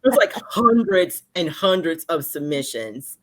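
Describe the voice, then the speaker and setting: A woman in her forties talks as a guest on a video call, her fairly low voice rising and falling in wide swings. She tells her stories with lively energy and slips into the voices of the people in them. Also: measured pace. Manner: animated storyteller, acts out voices of others. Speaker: romance author guest. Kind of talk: casual interview chat.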